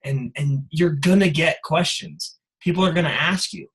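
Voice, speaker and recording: Man with a high voice, high-energy motivational speaker, casual filler-heavy delivery. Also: normal speed, creaky, rough recording. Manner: energetic, casual, many "like" and "you guys" fillers. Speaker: guest speaker on a sales call. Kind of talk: motivational call talk.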